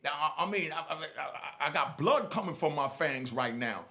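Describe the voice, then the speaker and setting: Man from Jamaica, storyteller; high, gravelly voice; animated casual delivery. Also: moderate pace. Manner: animated, keeps saying "you know what I mean". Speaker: storyteller recounting prison life. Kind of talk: casual first-person storytelling.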